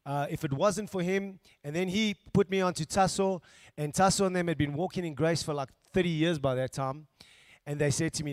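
Fast-talking pastor giving testimony, dry sound. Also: male voice, fairly high pitch, no echo. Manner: fast, heartfelt testimony rising to a loud cheer. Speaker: pastor introducing a guest. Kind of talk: church testimony.

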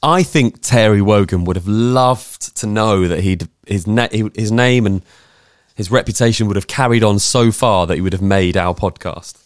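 A man chatting on a podcast from home, teasing his co-host and restarting his sentences. His voice sits low, and the sound is close and dry. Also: normal speed, clean tone, no room sound. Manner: jokey, teasing, trails off in restarts. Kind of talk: casual chat. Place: home, room being decorated.

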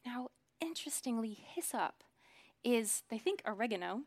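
An earnest female preacher in her thirties speaks at a moderate pace with a slightly high voice. She alternates soft whispers with rising, emphatic bursts.

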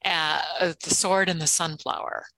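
A woman hosts an interview and asks her guest questions with interest and encouragement. Her voice is low for a woman, yet bright in tone. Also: fairly even intonation, unhurried, rough recording. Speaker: interview host.

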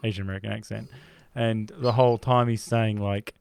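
A man with a fairly low voice and vocal fry co-hosts a podcast, talking fairly quickly and casually about films. He rambles with many restarts and gets animated when retelling scenes. His tone is clean, with no room sound.

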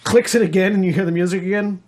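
A man's voice: high-pitched, steady tone, fast talker, darkish tone. A man narrating a tabletop game as game master, rambling with many restarts.

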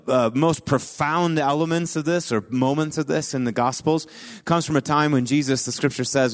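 A pastor preaching a sermon in a conversational way, building to emphatic peaks. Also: male voice, a little high.

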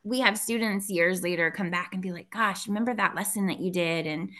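Woman educator, bright, easygoing storyteller; interview guest. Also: fairly low pitch, a little fast. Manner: chatty storyteller, lots of fillers and laughs. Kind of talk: casual interview conversation.

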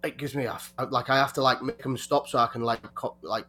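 A man's voice: medium pitch, fairly even intonation, bright, forceful tone. A man in a mid-range voice rambles through casual podcast chat. He stops and restarts often and swears freely as he goes. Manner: rambling, halting, heavy swearing.

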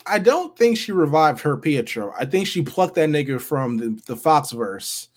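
A man co-hosting a casual podcast chat, animated, joking and swearing freely. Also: a little high, moderate pace. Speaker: podcast co-host.

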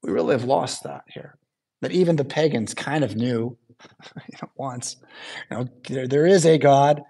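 A man's voice: mid-range voice, normal speed, creaky, warm tone, breathy edge. A man preaching a sermon in a church in a conversational way, often checking in with his listeners. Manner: chatty asides, checks in with "right?" and "yeah?". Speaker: pastor.

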